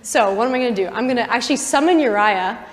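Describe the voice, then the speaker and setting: A woman playing a scheming ancient king who brags about his own cleverness, in a hushed, mock-confident voice. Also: a little high, expressive, fast, natural voice. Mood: smug scheming. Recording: long chapel reverb.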